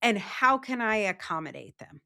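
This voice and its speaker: A woman talking as a guest on a podcast, telling lively stories from her own life. She acts out the people in them with quick little voices. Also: mid-range voice, creaky. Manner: animated storyteller, acts out quoted voices. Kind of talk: casual interview talk.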